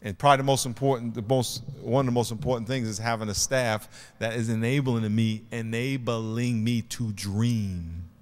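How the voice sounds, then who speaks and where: A man's voice: medium pitch, steady tone, normal speed, few pauses, in a large hall. A man preaching a sermon to his church, telling stories and driving his points home emphatically. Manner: emphatic, storytelling, swings between quiet and loud. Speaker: pastor. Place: church sanctuary before a congregation.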